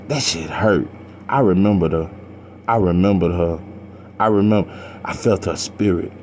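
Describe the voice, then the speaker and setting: Deep-voiced man, slow heavy vlog talk. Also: a little mellow, slight background noise. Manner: slow, heavy, halting with sighs and slang. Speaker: boxing channel vlogger. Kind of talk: personal vlog talk to camera.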